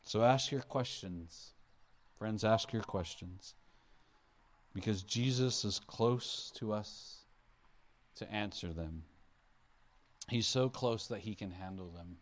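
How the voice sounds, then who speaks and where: A man's voice: lowish voice, slow, long pauses. A male pastor preaching an Easter sermon, earnest, his voice rising and falling for emphasis as he acts out quotes.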